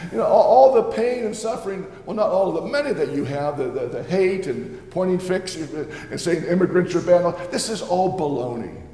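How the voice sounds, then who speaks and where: Playing an aged, cheerful Reformation preacher, an actor speaks in a high, warm voice at normal speed with few pauses. His sermon is sincere and homespun, told in first person with playful asides, and it echoes through the church sanctuary where he stands.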